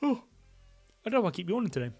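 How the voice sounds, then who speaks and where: A man's voice: sits high, sing-song, racing, creaky, a little mellow, husky, soft background music. A man streaming a live manga read-through, chatting casually and calling his viewers "bro.". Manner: chatty, talks to chat with "bro".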